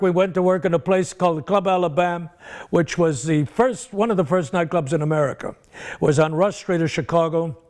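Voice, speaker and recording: With a creaky voice that sits a little high, an older comic recounts career anecdotes during an interview. His tales ramble, and he performs the people who appear in them.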